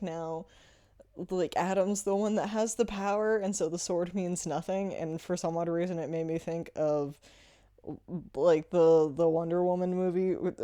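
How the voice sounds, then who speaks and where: Rambling woman with a mellow, low voice. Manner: rambling, filler-heavy, laughs often. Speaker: movie reviewer. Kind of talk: casual spoken review.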